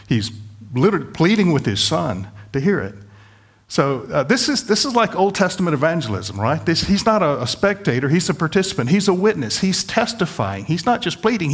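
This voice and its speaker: Earnest middle-aged male preacher. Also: mid-range voice. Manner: conversational, pleading, self-deprecating asides. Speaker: pastor. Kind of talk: sermon.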